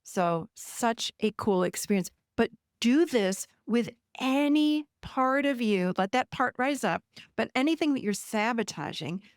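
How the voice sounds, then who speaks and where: A woman's voice: fairly high pitch, expressive, a little slow, dry recording, clean studio sound. A woman podcast host and therapist telling a client story in a casual, chatty way, often addressing listeners directly.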